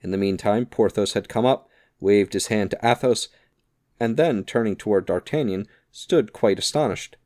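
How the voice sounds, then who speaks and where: A man's voice: on the low side, moderate pace, a little mellow, no echo. Man narrating a classic novel, dry sound. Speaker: audiobook narrator.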